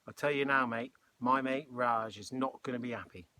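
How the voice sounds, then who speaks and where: Casting: bossy grumpy boy, curt and snappy, louder than the narration, voiced by a male reader. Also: mid-range voice, fairly even intonation, moderate pace, a little hiss or hum, natural voice. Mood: demanding.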